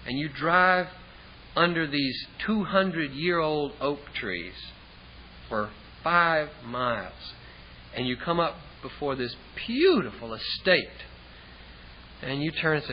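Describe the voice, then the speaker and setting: A male preacher telling a story from the pulpit, swinging between big emphatic peaks and hushed low asides. The recording is dull and lo-fi, with a faint hiss underneath. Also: very animated, takes it slowly, pauses often. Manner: storytelling with vivid scenes, dropping low and quiet for dialogue. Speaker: pastor. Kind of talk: sermon.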